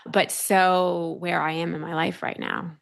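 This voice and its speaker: A woman's voice: on the low side, flat delivery, unhurried, creaky. A woman hosting a podcast interview, talking casually and affirming her guest with frequent murmured agreement. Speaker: podcast host. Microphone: remote call.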